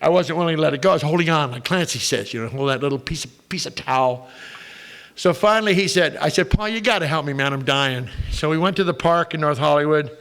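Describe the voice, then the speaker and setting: High-voiced, gravelly older comic man. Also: fast talker, fairly bright tone. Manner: profane, wisecracking, punchline-driven. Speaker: recovery meeting speaker. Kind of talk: comic storytelling talk. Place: recovery meeting room.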